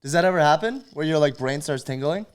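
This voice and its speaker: A man co-hosting a casual podcast, teasing his friend and throwing in quick questions. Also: fairly high pitch, lively intonation, smooth. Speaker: podcast co-host. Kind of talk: casual chat.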